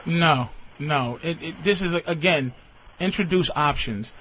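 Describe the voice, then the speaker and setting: A man hosting a radio call-in show, giving blunt, profane advice with animated storytelling, heard through a muffled radio broadcast. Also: a little high, a little slow, slightly rough. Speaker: radio host.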